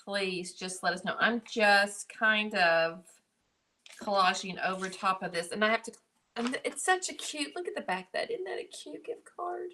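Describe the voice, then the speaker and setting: A woman's voice: medium pitch, expressive, moderate pace, pushed and bright. A woman guest on a live craft stream, rambling casually as she shows her art journal and crafts. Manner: rambling, talks while crafting, lots of fillers. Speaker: guest artist. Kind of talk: casual craft demonstration chat.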